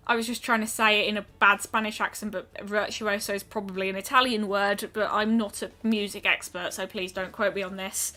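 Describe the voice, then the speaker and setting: Bright-voiced woman chatting through gameplay. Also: mid-range voice, moderate pace, faint music behind. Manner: chatty and musing, trailing off with frequent ums. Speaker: streamer. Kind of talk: casual gameplay commentary.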